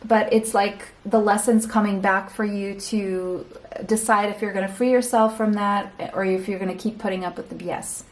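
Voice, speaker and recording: A woman's voice: mid-range voice, fairly even intonation, moderate pace. A woman giving a pick-a-card tarot reading, chatty and speaking straight to the viewer, often correcting herself as she goes. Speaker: tarot reader.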